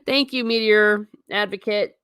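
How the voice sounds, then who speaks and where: A woman, chatting casually on a stream and reading out viewer comments with a lively manner. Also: mid-range voice, unhurried, clean tone, no room sound, clean studio sound. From Ireland. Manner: chatty, animated, breaks into silly singing. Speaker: livestream host.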